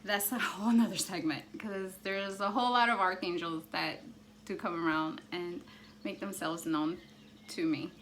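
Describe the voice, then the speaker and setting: A woman vlogger telling a personal story in an animated, excitable way, full of "like". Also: lowish voice, normal speed, a little hiss or hum. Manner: animated, excitable, heavy use of "like".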